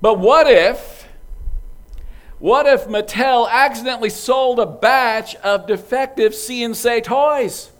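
A man giving a sermon illustration in an animated storytelling way, imitating toy sounds along the way. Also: very high voice, takes it slowly. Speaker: preacher.

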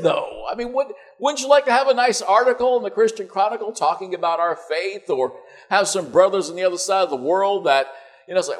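A man's voice: on the high side, sing-song, normal speed. A man preaching a conversational sermon to his church, joking in asides and checking in with "right?" and "you know".

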